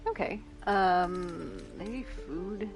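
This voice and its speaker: A woman's voice: fairly low pitch, extremely slow, over music. A young woman playing a video game and chatting casually, laughing often and reading dialogue choices aloud. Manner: reads dialogue options aloud. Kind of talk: casual let's-play commentary.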